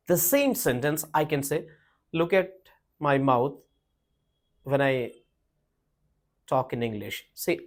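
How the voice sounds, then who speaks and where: A man teaching an online pronunciation lesson, emphatic, repeating key words and chuckling often. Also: high voice. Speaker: English teacher.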